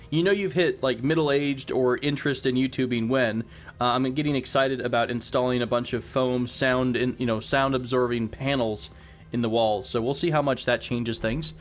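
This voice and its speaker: A man hosting a let's play, thinking aloud in a rambling way with frequent restarts, recorded at home on a sensitive desk microphone. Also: mid-range voice. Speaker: gaming channel host. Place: home room with air conditioner running. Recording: faint air conditioner hum. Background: faint air conditioner hum.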